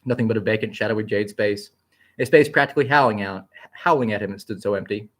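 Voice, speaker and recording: Fast-reading low-voiced male storyteller. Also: a bit bright. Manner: quick, vivid, occasional slips and restarts. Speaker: narrator. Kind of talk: expressive story narration.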